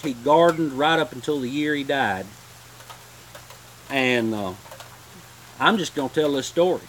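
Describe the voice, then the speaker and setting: A man's voice: medium pitch, a little hiss or hum. A man hosting a homesteading channel, telling rambling, heartfelt stories in a casual livestream.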